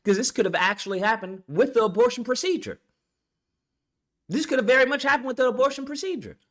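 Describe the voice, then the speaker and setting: A man's voice: extremely high pitch, expressive, fast talker, a bit bright. A man vlogger ranting bluntly and profanely in a commentary video, full of rhetorical questions.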